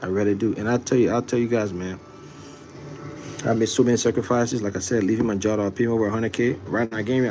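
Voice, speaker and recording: A man's voice: medium pitch, mellow, a little hiss or hum. A man, a content creator talking earnestly and repetitively to viewers on a livestream. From Liberia. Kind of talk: livestream chat.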